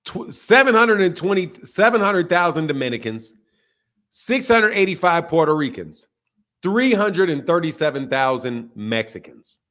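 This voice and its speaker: A boxing channel host, a man, goes on a loud, foul-mouthed, pumped-up rant in loose stream banter, laughing between his points. His voice sits fairly high with a sing-song lilt, and he talks at a normal speed.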